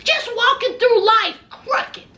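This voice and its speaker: High, bright-voiced sassy woman recapping reality TV. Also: takes it slowly. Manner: blunt, mocking, talks straight at the people she discusses; acts out quoted lines in put-on voices.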